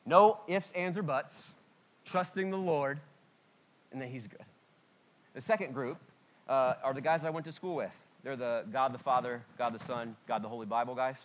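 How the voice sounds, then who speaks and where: A man's voice: mid-range voice, moderate pace, slight background noise. Candid joking male pastor. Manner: candid, self-deprecating humor; lively, sudden swings in loudness. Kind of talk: conversational sermon.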